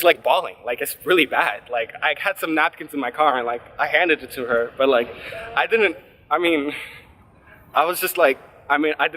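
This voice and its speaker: A man's voice: on the high side, background noise. A man in his twenties telling a personal story for his vlog, rambling and self-deprecating, with lots of "like" fillers. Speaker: vlogger.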